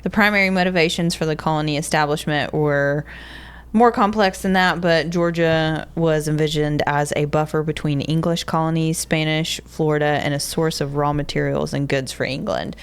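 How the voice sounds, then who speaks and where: A woman's voice: deep voice, steady tone, moderate pace, clear, resonant tone. Laughing Southern woman reading facts. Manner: reads facts aloud, laughs often. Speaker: podcast co-host. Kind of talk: casual chat.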